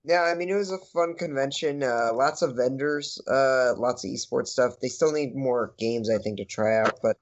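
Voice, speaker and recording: A man's voice: mid-range voice, moderate pace, hardly any pauses. A man co-hosting a podcast, speaking in an easygoing, slightly hesitant way. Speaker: podcast co-host. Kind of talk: casual chat. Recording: slightly muffled mic.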